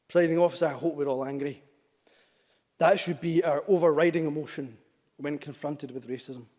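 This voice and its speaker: A man in his thirties giving a measured, emphatic parliamentary speech, hammering points home in repeated lists. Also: fairly high pitch, fairly even intonation, a little mellow, long reverb tail. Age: 30s. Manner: measured, emphatic, repetitive listing. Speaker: member of parliament. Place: parliament debating chamber.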